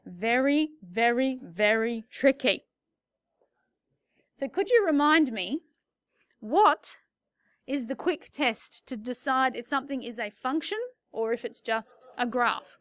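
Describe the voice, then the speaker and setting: A woman's voice: high-pitched, a little slow, fairly bright tone, dry recording. A woman teaching maths in a recorded lesson, playful and chatty with jokey asides.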